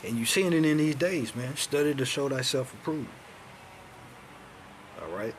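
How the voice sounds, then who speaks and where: A man giving an informal lesson at an everyday pitch, checking in every few phrases with "all right?" and "man." He reads passages aloud, then breaks off to ask a question and answer it himself. There is a faint hum of noise behind him. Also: lively intonation, moderate pace. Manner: peppers talk with "all right?", "man" and "see that?"; street-casual grammar. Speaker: self-styled teacher. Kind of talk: informal teaching, reading documents aloud.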